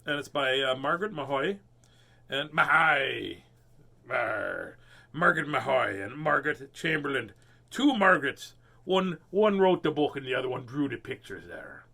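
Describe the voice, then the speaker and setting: A man's voice: medium pitch, lively intonation, moderate pace, vocal fry, pushed and bright, husky. A man hosting a casual livestream storytime, chatting playfully and joking while he reads a book aloud. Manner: playful, jokey. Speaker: storybook reader host.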